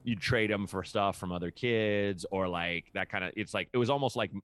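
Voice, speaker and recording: A man's voice: on the low side, normal speed, fairly bright tone, dry recording. A young man chatting casually as a podcast guest, rambling with lots of filler words and acting out quoted people. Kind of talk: casual chat.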